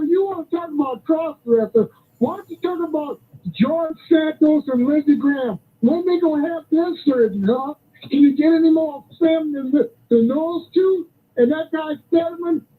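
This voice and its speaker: Male radio caller, very high voice, combative and taunting, tinny phone line. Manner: needling, combative, taunting the host. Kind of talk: call-in to talk radio.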